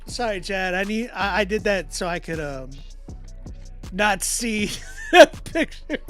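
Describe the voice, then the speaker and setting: Hosting a casual live stream where he critiques music, a man talks in a slangy, loose way, laughing and restarting frequently. His voice is high with lively intonation, and his pace is a little slow.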